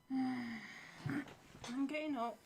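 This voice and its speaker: A woman co-hosting a laid-back gaming session. Her voice sits a little high. She teases with dry one-liners and giggles often. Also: steady tone, extremely slow, creaky, a little mellow, a little hiss or hum. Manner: teasing, giggly, dry quips. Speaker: co-host, host's wife. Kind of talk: casual gaming chat.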